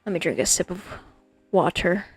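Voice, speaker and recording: A woman's voice: fairly low pitch, moderate pace, breathy edge, dry recording, soft background music. A woman streaming as a digital artist, chatting casually and playfully with her viewers in a rambling way. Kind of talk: casual livestream chat with viewers.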